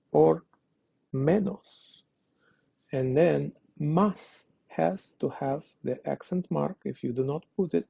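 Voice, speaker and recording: A man's voice: fairly high pitch, creaky, warm tone, slightly rough, dry recording. A man teaching a language lesson online, explaining step by step and translating each example. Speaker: Spanish teacher. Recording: dull lo-fi dry recording.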